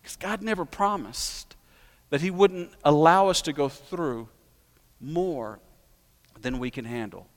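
High-voiced pastor preaching in a reverberant church. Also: male voice, slow pace, long pauses. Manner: storytelling, builds to emphatic peaks. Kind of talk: sermon. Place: church sanctuary. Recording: long hall reverb.

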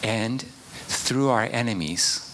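A man preaching a sermon in an earnest way, at times dropping to a hushed whisper. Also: mid-range voice, takes it slowly, slight background noise. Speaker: pastor.

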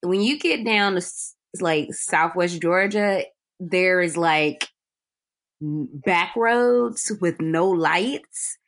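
A woman's voice: fairly low pitch, takes it slowly. A young woman from Ohio whose accent picked up a Southern tinge. She co-hosts a podcast in easygoing, meandering conversation, full of fillers and small restarts. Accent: Ohio speech with a Southern US tinge. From Ohio, USA. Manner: relaxed, rambling, many fillers. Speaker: podcast co-host. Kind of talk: casual chat.

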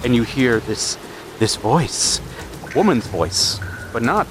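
A man running a tabletop role-playing game as game master, narrating in a halting way with repeated words. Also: medium pitch, big pitch swings, background noise.

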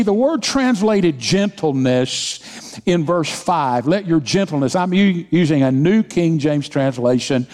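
A senior pastor with a slightly high, darkish voice preaches emphatically, repeating phrases and leading his congregation in call-and-response. The recording carries the long reverb of a large hall.

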